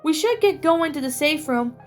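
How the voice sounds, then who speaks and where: Gruff older guy survivor, blunt but kind, read by a woman in a high voice. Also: expressive, moderate pace, soft background music. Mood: firm. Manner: blunt, reassuring.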